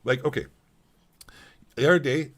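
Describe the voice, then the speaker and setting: At a normal speed and in a mid-range voice, a middle-aged Canadian man rants on a stream. The monologue is casual, blunt, and heated, laced with constant swearing and repetition.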